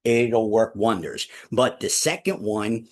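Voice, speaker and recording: A man leading a real estate team meeting, emphatic and repetitive, often addressing the room as ladies and gentlemen. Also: fairly low pitch, lively intonation, slow pace. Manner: emphatic, repeats key phrases, addresses listeners as ladies and gentlemen. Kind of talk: motivational team meeting talk.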